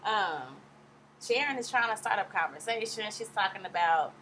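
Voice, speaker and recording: A sassy woman talks fast through a casual recap, switching voices to act out what people said. Her voice sits in a middle pitch over a faint background hiss. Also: lively intonation, bright, forceful tone. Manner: fast-talking, sassy, acts out quotes in different voices. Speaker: recap vlogger.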